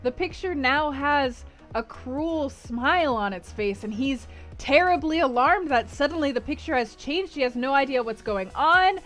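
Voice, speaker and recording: Chatty high-voiced woman streamer. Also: lively intonation, normal speed, few pauses, a bit bright, faint music behind. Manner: chatty, lots of fillers and "like". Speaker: streamer hosting a book club. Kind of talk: casual recap of a novel.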